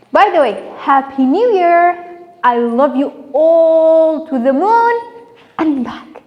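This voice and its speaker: A woman with a Kurdish accent teaching young children an English letter in an online lesson, in a playful, sing-song way with drawn-out repeats. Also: high-pitched, darkish tone, big-room sound. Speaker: kindergarten teacher.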